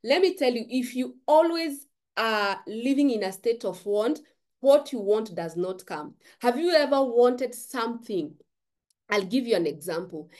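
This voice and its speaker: A woman speaks with a voice a touch higher than most. She talks to camera in a preachy, motivational way. She stresses her points by saying them again and again. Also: animated, measured pace, a little mellow. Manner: emphatic and preachy, repeats phrases for stress. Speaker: forex trading YouTuber.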